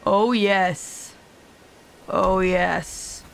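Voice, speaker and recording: A woman's voice: medium pitch, fairly even intonation, extremely slow, gravelly. A young woman streaming a video game, chatting casually with her audience, joking around and swearing freely. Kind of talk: casual live-stream commentary.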